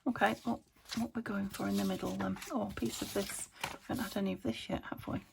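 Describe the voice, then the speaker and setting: A woman's voice: medium pitch, steady tone, fast, creaky, noisy background. A woman from the UK chatting casually to herself while crafting at home, often dropping to a whisper. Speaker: craft vlogger. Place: home craft room by a window.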